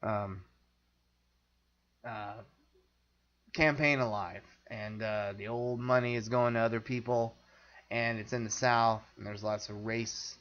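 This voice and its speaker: A man's voice: fairly low pitch, steady tone, slow pace, long pauses, a bit bright, dull audio. A man hosting a film podcast, talking in a rambling, opinionated and jokey way. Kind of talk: casual chat.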